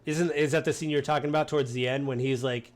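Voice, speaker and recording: A man hosting a podcast, talking casually about a film in a rambling way, with lots of fillers and quick acted-out quotes. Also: medium pitch, fairly even intonation. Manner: rambling, acts out quoted lines with many fillers. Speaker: podcast host.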